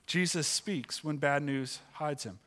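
A male pastor preaching from the pulpit of a church. His voice sits a little high for a man, and he takes his time, drawing words out slowly. He builds a line dramatically, then lets key words fall to a near hush. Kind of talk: sermon.

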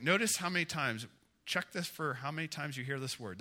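A male pastor giving a conversational sermon, asking the congregation questions and growing emphatic and animated. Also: a little high, brisk.

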